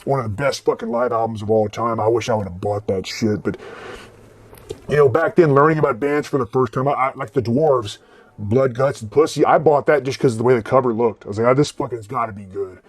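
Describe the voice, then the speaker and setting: A man in his forties, a vlogger and record collector, speaks a little fast at medium pitch as he casually tells rambling, profane stories about record stores.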